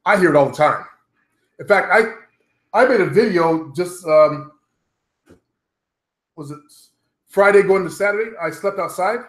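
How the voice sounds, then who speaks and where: A man's voice: high-pitched, measured pace, pauses often. Blunt, profane middle-aged man, roomy sound. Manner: blunt and profane, talks to viewers directly. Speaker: vlogger. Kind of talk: casual rambling monologue. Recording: roomy echo.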